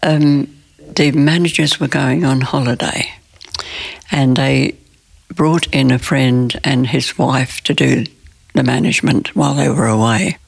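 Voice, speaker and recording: A woman in her nineties recounting a personal story in an interview, in plain, halting speech with restarts. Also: a bass voice, steady tone, creaky, slightly rough. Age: 90s. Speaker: interview guest.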